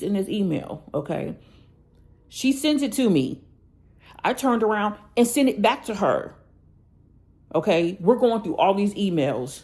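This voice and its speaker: Lowish-voiced woman ranting on her vlog, mad and blunt, keeps saying okay?. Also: expressive, unhurried, darkish tone. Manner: angry, venting, addresses viewers with "y'all" and "okay?". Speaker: planner vlogger.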